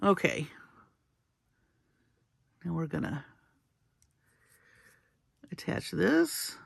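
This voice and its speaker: A woman's voice: on the low side, sing-song, drawn-out words, vocal fry, slightly rough, no room sound. A woman hosting a casual jewelry-making tutorial, chatty and playful as she works through each step. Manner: chatty and playful, with small laughs. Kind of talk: casual craft demonstration.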